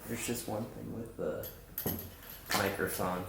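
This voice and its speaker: A man on the recording crew, pausing the interview to fix the microphone in a quick, practical way. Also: lowish voice, steady tone, gravelly. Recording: echoey room, far mic, noisy.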